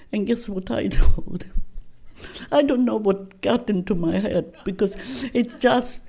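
Older woman, gravelly, dark and mellow tone, halting oral history interview, restarts sentences. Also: medium pitch. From Poland. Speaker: guest recounting her life.

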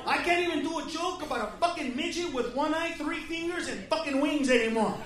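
A man from the United States doing a profane stand-up comedy set, shouting rants at the audience. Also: very high voice, fairly quick. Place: comedy club stage. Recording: roomy club recording from off-mic with crowd and noise. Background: audience laughter.

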